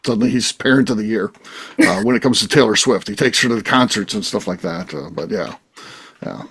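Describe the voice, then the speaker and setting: A man's voice: fairly low pitch, fairly quick, fairly bright tone, husky. A man hosting a casual podcast roundtable, rambling and exasperated, swearing now and then. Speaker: podcast host.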